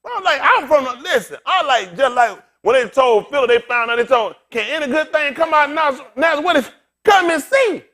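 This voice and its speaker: Fairly quick and extremely high in pitch, a bald, aging pastor delivers a comic, conversational sermon. He jokes animatedly and talks directly to his congregation.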